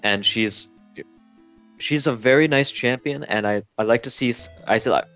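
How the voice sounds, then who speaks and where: A man's voice: mid-range voice, moderate pace, fairly bright tone, faint music behind. A man casting a live esports match, often tripping over his words and restarting sentences. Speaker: esports caster.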